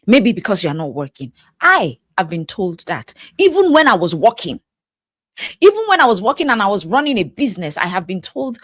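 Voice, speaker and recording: A woman's voice: mid-range voice, very animated, fairly quick, fairly bright tone, dry recording, clean studio sound. A woman with a Nigerian accent, host and life coach, giving chatty reaction commentary and often laughing as she talks.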